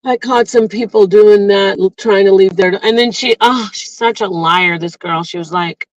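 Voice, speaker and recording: A woman hosting a casual live vlog from her car, rambling and animated as she tells a story, recorded on a phone. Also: mid-range voice, moderate pace, hardly any pauses, dry recording, rough recording. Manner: chatty, rambling, animated retelling. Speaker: livestream host.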